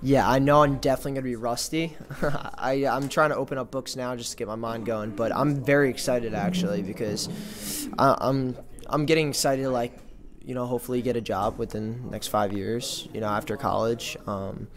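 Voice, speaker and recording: A young hockey player from New York answers interview questions. His talk is casual and halting, full of fillers and restarts. His voice sits at an ordinary middle pitch. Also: steady tone, crowd noise. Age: young adult.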